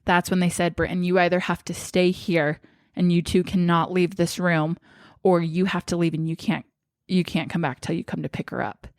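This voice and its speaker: A young woman talks straight to her viewers in a casual, emotional storytelling style, acting out the lines of the people in her story. Her voice sits a little low for a woman. The sound is close and dry, with no room echo. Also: flat delivery, moderate pace. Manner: emotional, chatty, acts out quoted dialogue. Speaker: vlogger.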